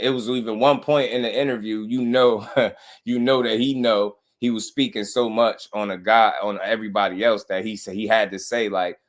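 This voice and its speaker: A young man hosting a casual boxing livestream, animated and slangy, laughing often and mimicking people. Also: on the low side, brisk. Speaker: boxing commentary host.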